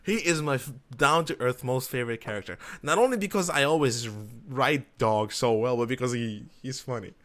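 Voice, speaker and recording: A man co-hosting a casual chat show, excitable, teasing and quick to swear. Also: mid-range voice. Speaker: co-host.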